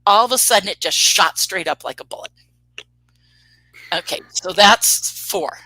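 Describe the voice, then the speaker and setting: A woman on a radio talk show tells her story with a bright, forceful tone. She recounts events with energy, voices the other people in the story, and laughs as she goes. The sound is close and dry, with no room around it. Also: medium pitch, a little slow, no room sound, low-quality recording. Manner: animated storyteller, acts out quotes, laughs often. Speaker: UFO tour guide telling sightings.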